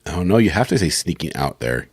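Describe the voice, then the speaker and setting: A man with a very low voice that swings widely in pitch, recorded close and dry. He talks in a casual, animated way, laughing often and swearing freely. He is reading comic voiceovers and chatting. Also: brisk, husky, no echo. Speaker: voiceover reader and podcast co-host. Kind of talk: casual chat and recording session.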